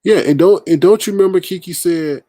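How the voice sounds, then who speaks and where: A man hosting a livestream, commenting casually and answering chat comments with emphatic, animated talk. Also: sits high, fairly quick, dry recording. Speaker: livestream host.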